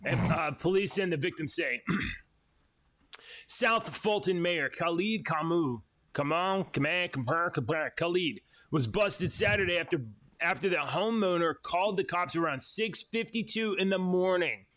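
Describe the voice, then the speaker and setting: Male podcast co-host, slightly high voice, casual, jokey news reader. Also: unhurried, fairly bright tone. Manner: laughs often, reads with mocking quoted voices. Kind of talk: casual chat, reading news stories aloud.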